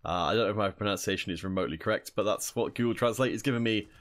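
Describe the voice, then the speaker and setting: A man's voice: lowish voice, racing, a bit bright. Chatty male esports caster. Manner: chatty, answers viewer messages between plays. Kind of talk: solo esports commentary reading chat.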